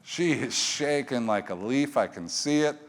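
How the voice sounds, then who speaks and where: Telling a story to an audience, this middle-aged motivational speaker is animated, his volume shifting from hushed to loud. He speaks at a medium pitch and in an unhurried way.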